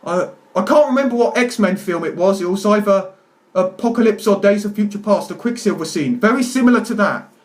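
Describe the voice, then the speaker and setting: A man's voice: high-pitched, lively intonation, brisk. A young man rambling through a casual film review to camera at home, stammering and exaggerating for laughs. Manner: rambling, self-interrupting, jokey exaggeration. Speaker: video reviewer.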